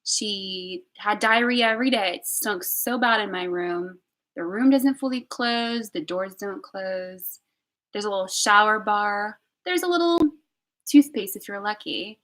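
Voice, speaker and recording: A young woman telling a personal story on a live stream, candid and emotional, swinging between loud outbursts and hushed whispers. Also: medium pitch, a little slow, poor audio. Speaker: vlogger.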